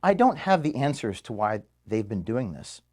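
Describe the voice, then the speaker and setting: A man in his thirties giving an emotional farewell speech to his staff in an office, halting and restarting as he speaks. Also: on the low side, sing-song, a little mellow. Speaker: organization founder addressing staff. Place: office, indoors.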